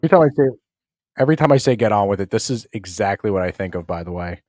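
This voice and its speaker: A man with a lowish voice hosts a podcast, talking loosely and swearing freely. He sounds close to the mic in a dry, dead space with no room sound. Now and then he slips into quick offhand impressions. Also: expressive, darkish tone, no echo. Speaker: podcast host. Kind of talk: casual podcast chat.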